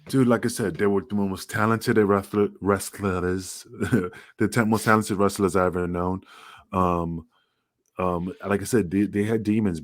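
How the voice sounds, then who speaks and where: A man, a former wrestler, telling rambling, profane stories in a casual podcast chat. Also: dry recording. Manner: profane, rambling, acts out quotes in a higher voice.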